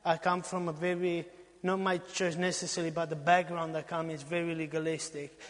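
A man preaches in a church, repeating phrases emphatically and swinging from ringing exhortation to near-whispered lines. His voice sits notably high for a man, and a long hall reverb trails every phrase. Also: level tone, fairly quick. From Romania. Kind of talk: sermon.

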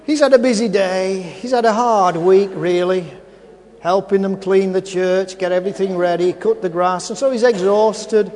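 A man's voice: high voice, fairly even intonation, normal speed, darkish tone. A man preaching a sermon. He repeats his phrases and asks the congregation rhetorical questions. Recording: long hall reverb.

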